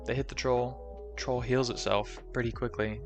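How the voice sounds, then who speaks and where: A man's voice: mid-range voice, little pitch movement, moderate pace, loud music behind the voice. A young man casually recapping a movie, rambling and joking with lots of fillers.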